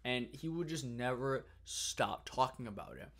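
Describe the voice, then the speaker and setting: A man's voice: mid-range voice, very animated, measured pace, gravelly, a bit bright. A man co-hosting a podcast in casual chat, talkative, swearing freely and slipping into silly voices. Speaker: podcast co-host.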